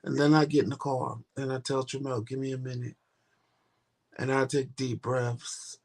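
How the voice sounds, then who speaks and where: A man's voice: medium pitch, level tone, normal speed, creaky, a little mellow. A man co-hosting a casual podcast, speaking candidly and swearing casually as he tells a personal story. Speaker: co-host.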